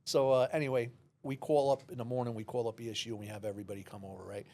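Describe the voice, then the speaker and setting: A man, a former police officer, telling a lively story in an interview and acting out the voices. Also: mid-range voice, very fast. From New York City. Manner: animated storyteller, acts out dialogue, many restarts.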